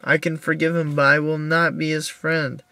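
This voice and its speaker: A young man recording a personal video diary in his car, upset and halting, with many restarts as he tells what happened. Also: on the high side, level tone, sharp tone, dry recording. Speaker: video diarist.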